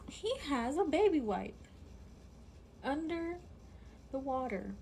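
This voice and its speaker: A woman's voice: sits high, animated, takes it slowly, creaky, a little mellow, slight background noise. A woman telling a personal story in casual chat, full of fillers, often dropping to a whisper when she quotes someone. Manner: chatty, full of "like", drops to a whisper when quoting.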